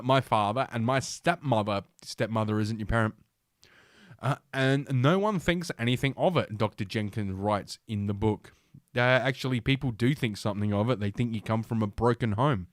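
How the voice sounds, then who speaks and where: A man's voice: mid-range voice, moderate pace, dry recording, studio quality. A man hosting a podcast, reading an article aloud and mocking it in crude, profane asides. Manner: crude, mocking, swears often, laughs at own jokes. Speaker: podcast host. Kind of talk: casual commentary while reading an article aloud.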